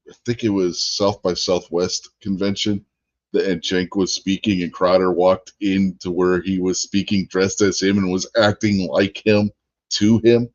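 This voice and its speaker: Deep-voiced man chuckling through podcast banter. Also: darkish tone, no room sound, muffled recording. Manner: chuckling, anecdotal, addresses viewers. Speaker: podcast co-host. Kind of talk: casual podcast chat.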